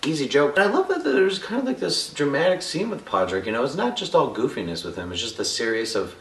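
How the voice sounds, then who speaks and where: A man's voice: medium pitch, sing-song, quick pace, distant mic. A man giving a casual, jokey TV episode review with crude asides, loose and chatty. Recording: echoey room, voice a bit off-mic.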